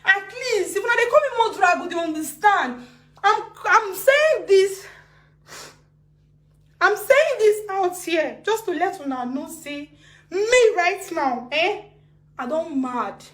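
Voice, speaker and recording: A woman with a Nigerian Pidgin accent, ranting on a live video, agitated and swinging between laughing, crying and shouting. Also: very high-pitched, expressive, unhurried, echoey room. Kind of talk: emotional live-video rant.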